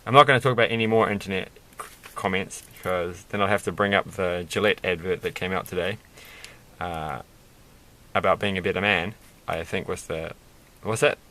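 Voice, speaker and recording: A man's voice: low voice, normal speed, pushed and bright, slight background noise. Rambling man chatting while building Lego. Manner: chatty, rambling, self-amused asides. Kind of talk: casual rambling build commentary.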